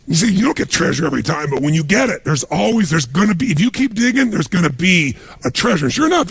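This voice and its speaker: Man, motivational seminar talk, animated storytelling, gravelly voice, dry close sound. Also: high-pitched, no echo. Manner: animated storytelling, punchy emphasis. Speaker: motivational speaker.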